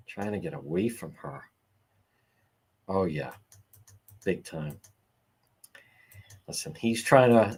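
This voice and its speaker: A man's voice: measured pace, long pauses, slightly rough. A middle-aged man hosting a casual livestream, answering chat comments in a sarcastic, wry way and chuckling now and then. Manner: sarcastic, wry, chuckling, animated swings in pitch. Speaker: livestream host.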